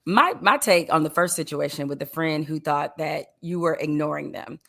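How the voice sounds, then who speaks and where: A woman with a somewhat low voice talks things over as a co-host in a casual chat. She thinks aloud and leans on pointed rhetorical questions to make her case. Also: normal speed, creaky, fairly bright tone. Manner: reflective, with emphatic rhetorical questions.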